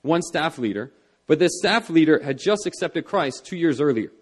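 A young man delivering a sermon, earnest and conversational, circling back with fillers and restarts as he talks. His voice sits a little high for a man. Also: animated, normal speed, breathy edge. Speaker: pastor.

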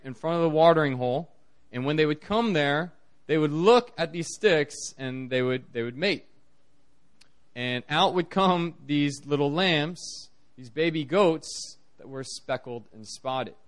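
Man preaching a lively story sermon. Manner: animated storytelling, lively pitch swings. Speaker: missionary preacher.

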